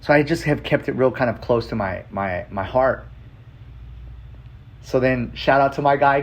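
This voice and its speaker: A man's voice: mid-range voice, moderate pace, a little hiss or hum. A man hosting a podcast, telling a personal story in a loose, profane, casual monologue. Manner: loose and profane, with frequent "like" fillers. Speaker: podcast host.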